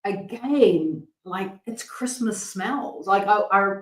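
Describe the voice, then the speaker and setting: A woman's voice: mid-range voice, animated, takes it slowly. Chatty woman cooking host, echoey kitchen. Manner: chatty, enthusiastic, many fillers and restarts. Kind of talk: casual cooking vlog talk.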